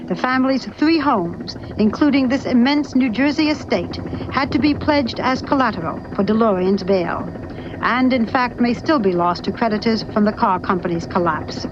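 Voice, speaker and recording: A woman reporter narrating a news segment and interviewing, in a measured, crisp delivery. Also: on the high side, expressive. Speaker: TV news correspondent. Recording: dull lo-fi 1980s TV audio with faint noise.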